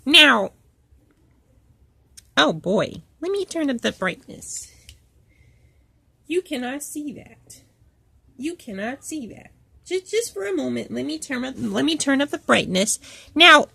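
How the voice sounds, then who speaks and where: A woman's voice: high voice, creaky, pushed and bright, no echo, full character voice. A woman voicing an indignant, preachy female cow office worker in a storytime vlog, rambling with many fillers and restarts. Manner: preachy, quotes Bible verses. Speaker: channel host.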